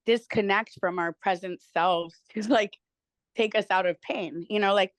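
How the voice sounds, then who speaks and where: A woman's voice: medium pitch, measured pace, no room sound. Candid woman guest, dry sound. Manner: candid, animated storyteller who swears freely. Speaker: guest, physical therapist. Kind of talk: casual interview talk.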